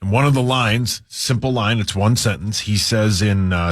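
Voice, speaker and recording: A man co-hosting a sports radio show, setting up a bit slowly and deliberately. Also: fairly low pitch. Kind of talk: casual sports radio chat.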